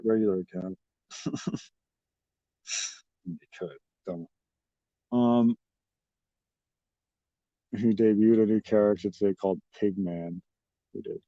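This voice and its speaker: Man, livestreamer, casual profane rambling, low voice, dry muffled sound. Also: dark tone, no echo. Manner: rambling, profane, mocking, talks to chat. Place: at a restaurant. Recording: dry, slightly dull audio.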